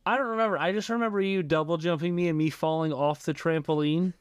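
Young man, high voice, podcast co-host, casual storytelling, swears, dry close mic. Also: quick pace, smooth, no echo. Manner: animated, swears, laughs often.

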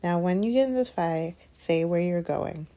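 A fretful, fussing middle-aged mother of a large family, voiced by a woman reading aloud. She speaks with anxious warmth, in a low, mellow tone that lifts above the narration, as in a storybook read aloud. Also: normal speed, lightly acted.

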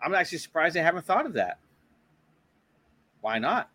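A man's voice: fairly high pitch, big pitch swings, normal speed, bright, forceful tone, slightly rough, dry recording. A young man with a Boston accent, hosting a podcast in casual, swear-filled chat. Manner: swears constantly, laughs often. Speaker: podcast host.

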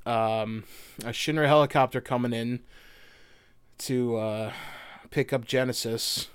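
A man's voice: medium pitch, fairly even intonation, measured pace, smooth, no echo. A man co-hosting a podcast, loose and chatty, swearing casually as he breaks down a video game. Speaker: podcast co-host.

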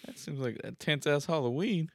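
A young man reacting in relaxed, profane podcast chat and recalling childhood memories. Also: on the high side, moderate pace, vocal fry, no echo, clean studio sound. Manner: laid-back, profane reactions. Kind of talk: casual chat.

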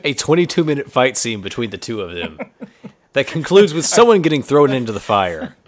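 A man from Kentucky co-hosting a podcast, throwing in dry, deadpan jokes in casual chat. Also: medium pitch, moderate pace. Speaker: podcast co-host. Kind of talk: casual chat recapping a TV episode.

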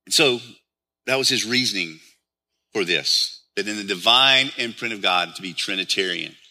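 A man's voice: on the low side, moderate pace, bright, forceful tone. A man preaching a sermon as pastor, explaining scripture and often turning to the listeners with rhetorical questions.

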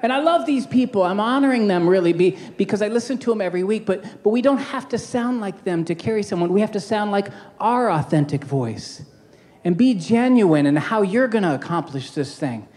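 A man preaching as a pastor in a casual, joking sermon style, with quick asides and call-outs to the congregation. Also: sits high, animated, a little mellow.

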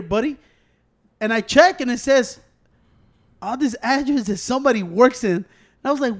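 A man's voice: extremely high pitch, a little fast, pauses often. A man in casual chat, telling a profane story and acting out what he and others said. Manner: profane storytelling, acts out own quotes.

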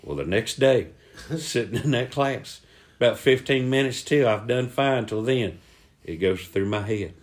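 Animated man telling a tale. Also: a little slow. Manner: acts out voices, shouting quoted lines high. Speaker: podcast co-host. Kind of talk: animated storytelling.

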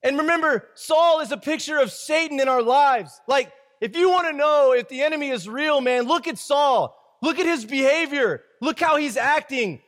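Male preacher, very high voice, reads scripture and riffs on it casually, recorded in a reverberant hall. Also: normal speed, hardly any pauses, fairly bright tone. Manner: reads scripture aloud, then riffs in slangy asides. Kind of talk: casual Bible-study sermon.

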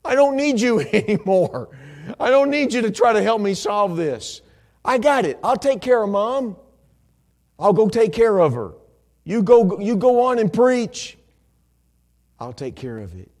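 A man quoting his grown son in a raised, brisk, reassuring voice during a sermon. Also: sits high, lively intonation, darkish tone, voice pushed up. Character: grown son, calm, taking charge of family.

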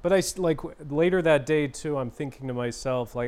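A man's voice: medium pitch, animated, moderate pace, a little mellow, clean tone. A young man co-hosting a podcast, telling a rambling story in casual chat with lots of "uh" and "you know". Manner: rambling storyteller, many fillers and restarts. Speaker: podcast co-host.

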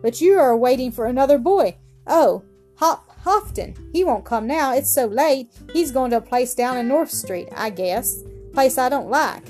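A woman voicing a cheerful, generous young newsboy, reading him higher and brighter than her narration. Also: expressive, normal speed, soft background music.

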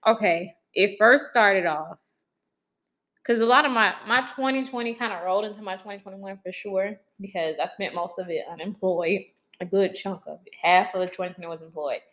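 A woman's voice: mid-range voice, moderate pace. A young woman co-hosting a podcast, chatting casually and animatedly, acting out what people said. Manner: animated, quotes people in put-on voices. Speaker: podcast co-host. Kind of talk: casual chat.

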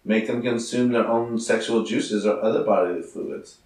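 A man's voice: lowish voice, moderate pace, darkish tone, roomy sound, distant mic, low-quality recording. A man co-hosting a podcast, teasing and swearing, with frequent laughter. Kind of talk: casual podcast chat.

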